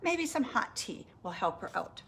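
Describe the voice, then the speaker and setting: Storybook housekeeper, chirpy and matter-of-fact, read by a woman, high lively voice. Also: moderate pace, slight background noise. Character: literal-minded cheerful housekeeper woman. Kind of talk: reading a picture book aloud.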